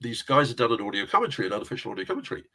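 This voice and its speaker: Racing along and very animated, this middle-aged Englishman has a mid-range voice with a sharp edge. As a guest in a casual interview, he spins rambling stories and keeps breaking into chuckles.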